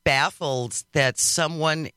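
A man's voice: on the high side, slow, clear, resonant tone, no echo, clean studio sound. A man hosting a political talk radio show, chatting casually and sarcastically with his co-host and reading listener messages. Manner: sarcastic, lively delivery.

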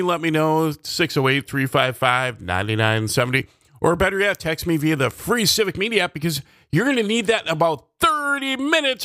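A man's voice: mid-range voice, fairly bright tone, dry recording, clean studio sound. A man hosting a morning radio show, talking in a chatty, upbeat way. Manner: upbeat, chatty, laughs easily. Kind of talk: casual radio DJ chat. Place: radio studio. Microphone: studio microphone.

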